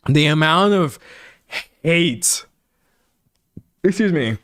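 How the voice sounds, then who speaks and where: A young man in casual reaction commentary, talking in quick emphatic bursts as he reacts to clips. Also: on the high side, dry recording, studio quality. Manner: animated, talks fast in bursts, emphatic.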